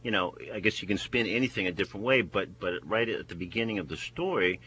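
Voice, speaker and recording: A man hosting a casual talk, speaking haltingly with frequent restarts. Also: fairly low pitch, animated, bright, forceful tone, slight background noise, poor audio. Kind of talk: casual discussion.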